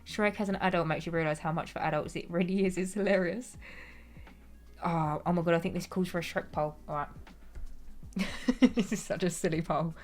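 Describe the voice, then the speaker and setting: A woman's voice: on the low side, moderate pace, long pauses, darkish tone, faint music behind. A young woman streaming a game, chatting casually, giggling and reading chat aloud.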